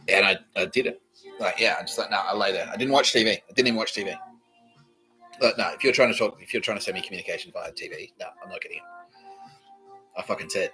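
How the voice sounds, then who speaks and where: A man's voice: on the low side, fast talker, long pauses, sharp tone, faint music behind. A man hosting a podcast, telling a long story in a rambling, profane, repetitive monologue. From Australia. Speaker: podcast host.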